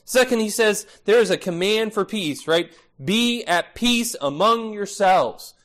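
A man's voice: high voice, expressive, a little slow, fairly bright tone. A male pastor preaching an expository sermon, emphatic and repetitive, often adding "right?".

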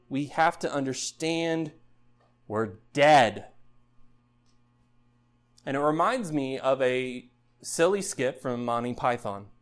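A man preaching a sermon in an earnest style, building up loud passages and then dropping low and quiet. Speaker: pastor.

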